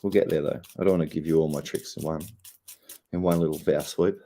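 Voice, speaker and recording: A man's voice: extremely low pitch, steady tone, fairly quick, gravelly, warm tone, slight background noise. A young Australian man, stoned and laid-back, rambling and swearing heavily in a casual livestream chat. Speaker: streamer.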